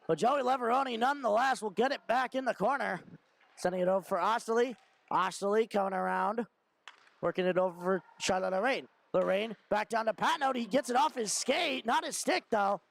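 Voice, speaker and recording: High, gravelly young male hockey announcer. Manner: rapid running call, rising to shouts on shots and goals. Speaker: play-by-play commentator. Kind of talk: amateur hockey play-by-play commentary.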